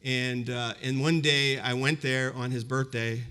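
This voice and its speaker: A little slow and flat in delivery, this man's mid-range voice is smooth with a sharp tone. The speaker, a university presenter in his fifties, reflects conversationally on a personal story before a live audience, using many fillers like "you know."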